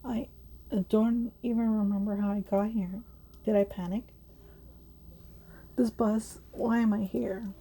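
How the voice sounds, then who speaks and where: A woman's voice: mid-range voice, fairly even intonation, unhurried, long pauses, dark tone. A woman playing a game and reading its dialogue aloud in an anxious, confused tone. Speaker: let's play gamer.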